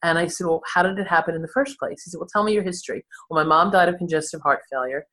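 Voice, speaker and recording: Guest, woman, 60s, low voice, candid and self-deprecating storyteller. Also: racing, a bit bright. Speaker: therapist and podcast guest. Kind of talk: conversational interview storytelling.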